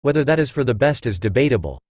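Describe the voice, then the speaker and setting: A composed senior male archangel from a storybook reading, measured and thoughtful , read by a man. The sound is dry and close. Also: mid-range voice, very animated, darkish tone, husky, dry recording.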